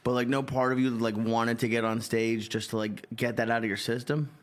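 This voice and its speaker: A man in his thirties co-hosts a casual comedy chat. His voice sits at a middle pitch. He talks earnestly and rambles, leaning on filler words. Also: steady tone, a little fast. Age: 30s. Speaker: comedian co-host.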